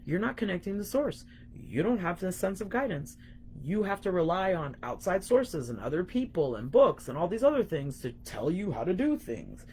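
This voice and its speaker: A woman's voice: lowish voice, a little mellow, a little hiss or hum. A young woman coaching viewers in a frank, emphatic live-stream talk, swearing casually and calling them guys. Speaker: spiritual coach.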